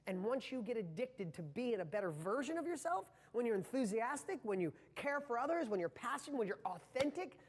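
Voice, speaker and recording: A man's voice: very high voice, big pitch swings, a little fast, few pauses, husky, in a large hall. A man giving a live motivational training talk to viewers, speaking with passion and a rambling flow full of restarts.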